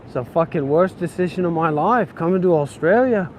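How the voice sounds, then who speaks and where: A man's voice: fairly high pitch, expressive, a little fast, a little mellow, slight background noise. A man vlogging while walking city streets, ranting in a frustrated, profane way. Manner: frustrated, swearing, grumbling.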